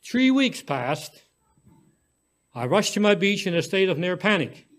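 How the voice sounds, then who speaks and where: Guy reading a short story out loud, kinda high voice, calm and gentle, a few little slips. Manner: gentle, unhurried reading with small slips and restarts. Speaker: story reader.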